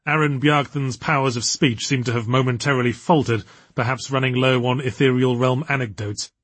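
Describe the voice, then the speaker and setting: A man reads a novel aloud in a measured storytelling manner. His voice is husky and sits at a middle pitch. The recording is dry and close. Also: steady tone, a bit bright, no echo. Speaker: narrator. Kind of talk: audiobook narration.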